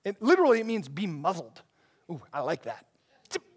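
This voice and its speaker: A pastor preaching an expository sermon in a conversational, animated way, with frequent asides to the congregation. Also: male voice, sits high, a little fast, slightly rough.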